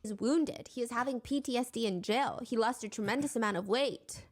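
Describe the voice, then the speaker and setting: Female true crime narrator, slightly high, steady and measured, reading quotes.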